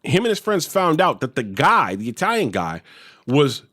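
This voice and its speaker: A man in a casual podcast, swearing freely as he spins an animated story. His voice sits high and swoops all over the place as he acts out each part. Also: normal speed. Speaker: podcast host.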